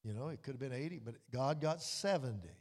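Folksy preacher in a reverberant hall. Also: male voice, mid-range voice, expressive. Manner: folksy storytelling with quiet, drawn-out emphasis. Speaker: pastor. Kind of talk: sermon.

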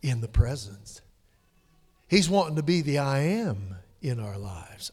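A male pastor preaching a sermon, dropping to hushed whispers and rising to loud, emphatic peaks. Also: mid-range voice, big pitch swings, slow pace. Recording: long hall reverb.

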